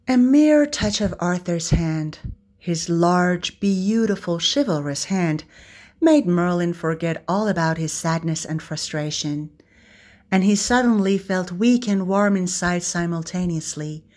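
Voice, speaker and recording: Low-voiced woman reading a story. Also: a little mellow. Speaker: reader. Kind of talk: reading fan fiction aloud.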